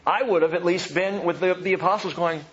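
A man preaching a sermon, animated, swinging from loud emphatic lines to soft hushed ones. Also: high voice, fairly quick, highs cut off. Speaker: pastor.

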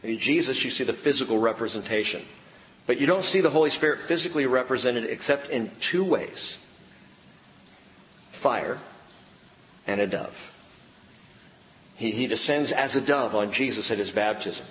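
A middle-aged man preaching a sermon, swinging between loud bursts and hushed lines. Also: mid-range voice, expressive, moderate pace, long pauses. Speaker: pastor. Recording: reverberant hall with faint room noise.

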